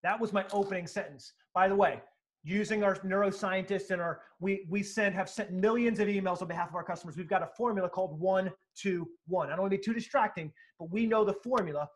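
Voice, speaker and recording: A man's voice: high-pitched, quick pace. A man being interviewed as a sales author, telling stories with energy and emphasis, acting out quotes and swearing now and then. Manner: animated, emphatic, acts out quotes, occasional profanity. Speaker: sales speaker and author, guest.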